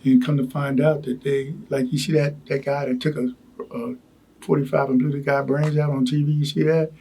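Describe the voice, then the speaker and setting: Gravelly older man, dark worn voice. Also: mid-range voice, level tone. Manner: halting, repeats words, many "you know" asides. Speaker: Vietnam veteran interviewee. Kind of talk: oral history recollection.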